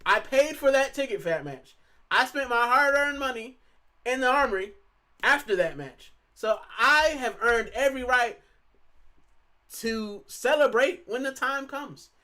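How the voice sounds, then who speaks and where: High, bright-voiced man chatting casually. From Puerto Rico. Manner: animated, rambling, fillers and repeated "bro". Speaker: football channel host. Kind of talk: casual fan chat. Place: lives in the UK.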